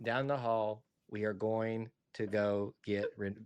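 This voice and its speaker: A man's voice: on the low side, flat delivery, slow pace, a little mellow, clear, resonant tone, dry recording, muffled recording. A man from Alabama with an Alabama Southern accent, co-hosting a casual sports podcast in a rambling, joking, self-deprecating way. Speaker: podcast co-host.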